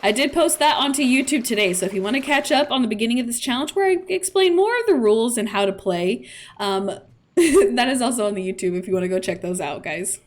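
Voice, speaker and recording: A woman's voice: a little high, expressive, brisk. A woman streamer chatting playfully through casual gameplay commentary. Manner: chatty, playful, with laughs and fillers.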